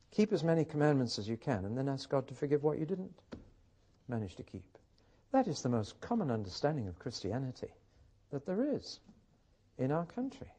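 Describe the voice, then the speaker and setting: A man's voice: medium pitch, dark tone, husky. A man teaching a Bible study, building points through rhetorical questions and personal stories. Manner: emphatic, rhetorical questions, storytelling. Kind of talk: teaching talk with anecdotes.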